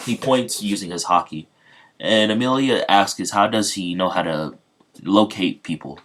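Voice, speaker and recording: A man's voice: deep voice, animated, unhurried, fairly bright tone, slight background noise. A man casually retelling an improvised fan story, rambling with many fillers and restarts.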